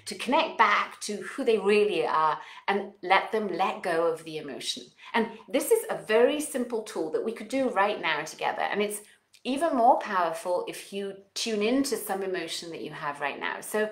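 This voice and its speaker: A woman with a non-native English accent talking as a parenting coach, guiding listeners through exercises and affirmations in an expressive, coaching manner. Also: mid-range voice, moderate pace, roomy sound. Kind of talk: guided self-help talk with exercises.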